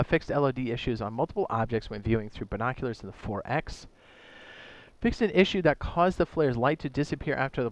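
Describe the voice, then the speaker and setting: A man of middle pitch, recorded close and dry with almost no room sound, reads down a long list of game fixes. He adds quick joking asides and stumbles, then corrects himself. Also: no room sound. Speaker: gaming YouTuber reading patch notes. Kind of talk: casual commentary reading a list aloud.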